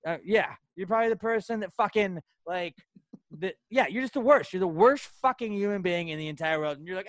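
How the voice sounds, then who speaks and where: A young man co-hosting a podcast, ranting loudly and angrily with lots of swearing. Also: high-pitched, a little fast, dry recording. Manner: profane, loud, angry ranting. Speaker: podcast co-host. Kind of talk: heated rant on a podcast.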